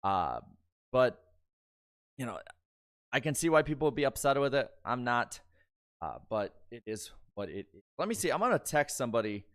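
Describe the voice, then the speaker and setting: A man's voice: mid-range voice, big pitch swings, normal speed, pauses often, fairly bright tone, clear, resonant tone. A man hosting a casual post-race livestream, talking in an easygoing, rambling way with lots of fillers. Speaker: livestream host.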